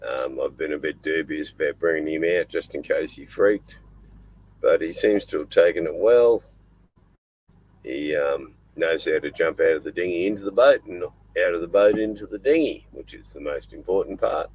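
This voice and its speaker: A man's voice: extremely low pitch, moderate pace, darkish tone, slight background noise, rough recording. An older Australian man hosting a casual live stream from inside his small boat at night, rambling and chatting in between fussing over his dog. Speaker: livestream host.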